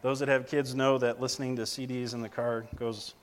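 Man, lay preacher, direct, halting sermon delivery, average pitch. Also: flat delivery. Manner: plainspoken, halting, many fillers and restarts.

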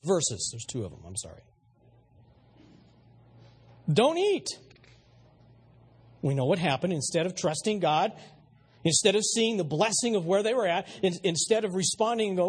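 A male pastor delivers a sermon in a high, husky voice with wide swings in pitch. He is emphatic, often turning to ask his listeners questions and stumbling over repeated words. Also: big pitch swings, normal speed, pauses often.

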